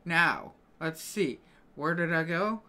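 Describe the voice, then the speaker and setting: A man's voice: on the high side, animated, slow, sharp tone. A man grumbling casually to his live-stream chat while he plays a game, with exasperated little rants.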